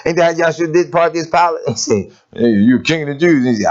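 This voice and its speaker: A man preaching a sermon in a lively, conversational way, asking rhetorical questions and laughing as he goes. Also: on the high side, quick pace. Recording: dull lo-fi recording.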